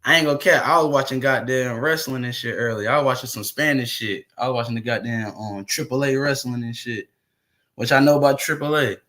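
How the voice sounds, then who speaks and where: A man chats casually on his own livestream, swearing a lot and wandering off topic, with laughs between his remarks. He speaks briskly in a sharp, medium-pitched voice.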